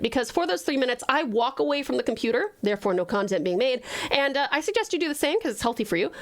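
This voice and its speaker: Bubbly high-pitched Australian woman streamer. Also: fairly bright tone. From Tasmania, Australia. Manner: bubbly, giggly, affectionate toward chat. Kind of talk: casual live-stream chat.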